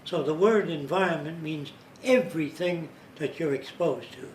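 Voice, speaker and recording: A man with a slightly high, darkish voice lectures informally at a moderate pace, building his explanation step by step. Every so often he imitates other people's accents. The recording is roomy and distant, with a faint hiss.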